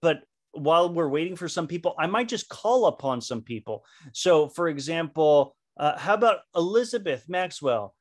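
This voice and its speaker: A male leadership trainer speaks over a video call in a voice pitched somewhat high for a man. He is animated and chatty and often trips into fillers and restarts mid-thought. The delivery sounds like a live online class. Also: normal speed.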